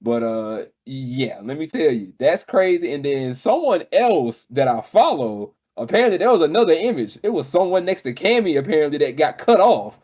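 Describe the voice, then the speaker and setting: A man co-hosting a gaming podcast, chatting casually and telling stories in an excitable, animated way. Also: fairly high pitch, moderate pace, hardly any pauses. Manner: excitable, animated storytelling with laughs. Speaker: podcast co-host. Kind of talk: casual chat.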